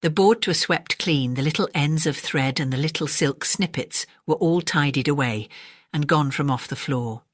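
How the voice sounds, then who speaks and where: A woman narrating a classic storybook in a gentle, measured bedtime reading. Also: low-pitched, no room sound, studio quality.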